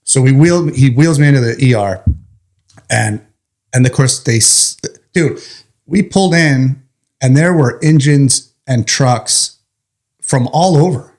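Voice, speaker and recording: A man's voice: medium pitch, measured pace, long pauses. Man telling a story in an interview. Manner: animated storyteller, laughs through the funny parts, swears casually. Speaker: firefighter guest.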